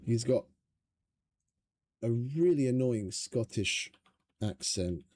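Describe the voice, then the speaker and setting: A man's voice: medium pitch, animated, slow pace, darkish tone, no echo. A man streaming a survival game, chatting casually in a rambling, profane, stop-start way. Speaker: gaming streamer. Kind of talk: casual gameplay commentary.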